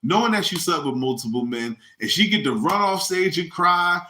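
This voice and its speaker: Animated, profane male podcast host. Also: high voice, normal speed. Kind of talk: casual comedic rant. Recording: echoey room.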